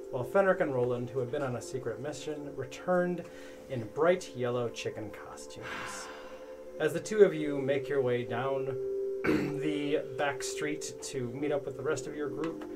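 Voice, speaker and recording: A man's voice: mid-range voice, moderate pace, over loud music. A man running a tabletop game, narrating a rambling recap with self-corrections. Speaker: game master.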